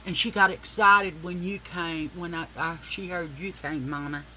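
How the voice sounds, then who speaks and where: A woman vlogging as she does her makeup, telling a story in a chatty, animated and profane way, acting out the people in it. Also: fairly low pitch, moderate pace, slight background noise, rough recording. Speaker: beauty vlogger.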